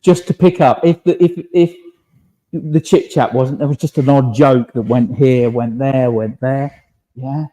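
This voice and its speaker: A man serving as a medium gently relays messages from spirits during a church service held in a village hall. He checks in with a questioning "yeah?" after almost every phrase, speaking a little slowly in a mid-range voice on poor-quality audio.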